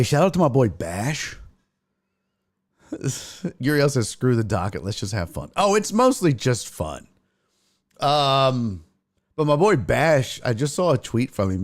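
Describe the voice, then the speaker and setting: Profane, rambling sports show host. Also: male voice, mid-range voice. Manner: rambling, profane, reads chat aloud. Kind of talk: casual live-stream chat.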